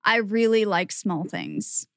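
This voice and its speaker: A woman's voice: mid-range voice, wildly swooping pitch, slow, fairly bright tone, dry recording, studio quality. A woman co-hosting a podcast in casual chat, blunt and swearing often as she exaggerates for laughs. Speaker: podcast co-host.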